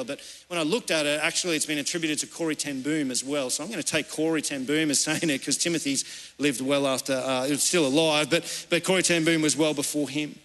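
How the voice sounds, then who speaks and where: A man's voice: fairly high pitch, fairly bright tone. A man, a pastor giving a sermon in an earnest, conversational storytelling way. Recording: reverberant church hall.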